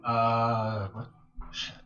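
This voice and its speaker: A man playing a tabletop game, chatting in an animated, self-deprecating way. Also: mid-range voice, drawn-out words, lo-fi sound, soft background music. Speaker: player. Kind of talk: casual chat. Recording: roomy echo.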